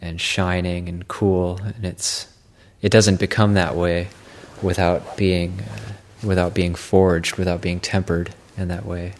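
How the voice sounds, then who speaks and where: A male Buddhist monk giving a Dharma talk in a halting way, often repeating words and pausing with fillers. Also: low voice, flat delivery.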